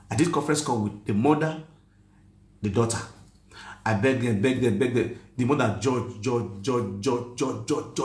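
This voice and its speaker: A man with a Nigerian accent telling a story in a casual, animated rant that mixes Pidgin and English, often asking if you understand. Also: mid-range voice, roomy sound. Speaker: online commentator.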